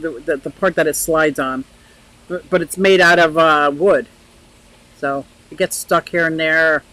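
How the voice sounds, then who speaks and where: A chatty older woman hosts a relaxed live stream outdoors beside a pond. Her voice is bright and lively, and she laughs easily as she rambles and reads out comments from viewers. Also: lowish voice, poor audio. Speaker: livestream host. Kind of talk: casual live chat.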